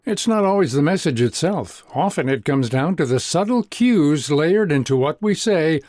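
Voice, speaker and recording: A man's voice: a little high, animated, moderate pace, a little mellow, no room sound, faint music behind. A man hosting a radio program, reading scripted narration between interview clips. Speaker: radio host.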